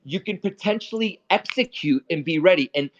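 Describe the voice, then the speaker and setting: A man's voice: high voice, animated, moderate pace. Blunt, profane man in dull lo-fi audio. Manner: blunt and profane, locker-room talk; repeats himself and restarts often. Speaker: stock trading host. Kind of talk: casual live trading talk.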